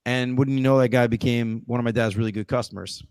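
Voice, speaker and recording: A man's voice: mid-range voice, steady tone, fast talker, a little mellow, clean tone, no room sound. A man hosting a podcast, telling a reflective, rambling personal story in casual chat. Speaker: podcast host.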